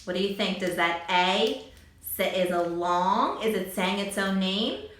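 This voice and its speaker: A woman teacher walks young children through vowel sounds, stretching each one out slowly. Her voice is bright and clear, but it comes from a distance in a very echoey room. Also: mid-range voice. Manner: slow, drawn-out sounding of letters. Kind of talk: phonics lesson for young children.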